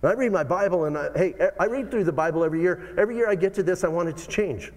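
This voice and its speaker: A man preaching a sermon as pastor, animated, full of rhetorical questions and big swings in tone. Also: high-pitched, quick pace, in a large hall.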